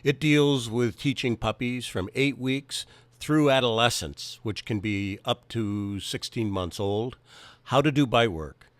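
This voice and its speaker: A man narrating a training video introduction from a script in a measured, explanatory way. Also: mid-range voice, dry recording.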